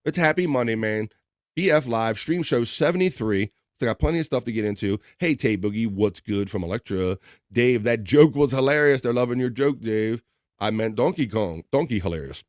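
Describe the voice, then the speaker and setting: A man's voice: mid-range voice, animated, brisk, no echo, clean studio sound. A man hosting a casual livestream, reading viewer comments aloud and joking along, laughing often. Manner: jokey, laughs often, reads chat aloud. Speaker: livestream host.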